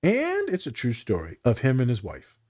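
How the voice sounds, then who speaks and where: Man, therapist co-host, casual talk, animated storyteller, sarcastic streak. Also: medium pitch, moderate pace. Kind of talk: casual podcast chat.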